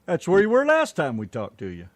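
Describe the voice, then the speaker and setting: A man co-hosting a chat show, throwing in quick jokes and questions. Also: sits high, huge pitch swings, no room sound. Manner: joking, quick quips. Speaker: co-host. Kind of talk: casual chat.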